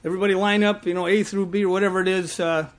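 A man's voice: high voice, little pitch movement, rapid-fire, close to an everyday voice. A male preacher voicing an airline stewardess making an offhand boarding call. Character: airline stewardess, woman, brisk.

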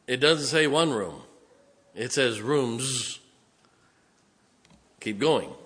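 A male pastor preaching a sermon in a church, reading scripture aloud and explaining it with emphatic, direct address to the congregation. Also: mid-range voice. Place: church sanctuary. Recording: long reverb of a large hall.

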